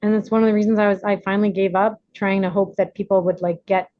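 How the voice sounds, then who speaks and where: A woman leads a recovery workshop. She talks loosely and warmly encourages people, filling her speech with "you know" and "um". Her voice comes through muffled and dry, with no room sound. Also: mid-range voice, level tone, quick pace, no room sound. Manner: chatty, laughing, many fillers. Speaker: workshop leader. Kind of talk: casual advice on a video call. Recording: dull, dry lo-fi audio.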